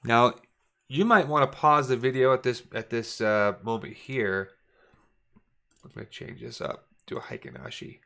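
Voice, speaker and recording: A man at a middle pitch leads a casual chart walkthrough for his viewers. He thinks aloud, corrects himself mid-sentence and speaks to the audience directly in a relaxed coaching tone. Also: unhurried, gravelly, pauses often. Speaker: forex trading coach.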